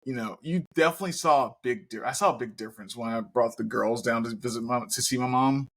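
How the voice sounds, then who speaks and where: A man co-hosting a podcast, telling stories in casual chat, animated and given to swearing. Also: mid-range voice, fast talker. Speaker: podcast co-host.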